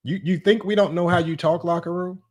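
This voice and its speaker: Talking a little quickly, a young sports livestream host reads basketball chat messages and super chats aloud. He's animated and mocking, and his voice leaps upward when he can't believe what he's reading.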